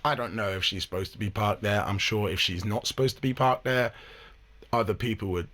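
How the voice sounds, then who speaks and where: A man's voice: on the low side, a little fast, fairly bright tone. A man hosting a reaction video, talking casually and wryly, with the odd swear word. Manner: chatty, wry, swears casually. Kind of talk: casual commentary.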